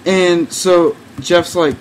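This young podcast host has a high voice, a steady tone, and drawn-out words. He tells a meandering, foul-mouthed story in relaxed conversation, leaning heavily on "like" and laughing frequently. The audio is poor, with slight background noise.

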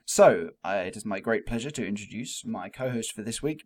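A man co-hosting a comedy podcast who speaks in a deadpan, mock-formal way to an imaginary guest. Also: on the low side, fairly quick, hardly any pauses. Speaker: podcast co-host. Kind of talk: comic podcast introduction.

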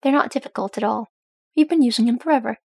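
Loud, blustering old male dwarf for a storybook reading, gravelly edge, voiced by a woman. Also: a little high, quick pace, no echo. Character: gruff boisterous old male dwarf warrior.

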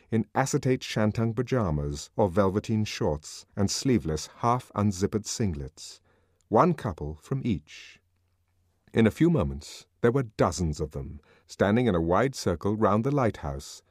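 A man reading a novel aloud as an audiobook narrator, expressive and dramatic. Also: lowish voice, dry recording, clean studio sound.

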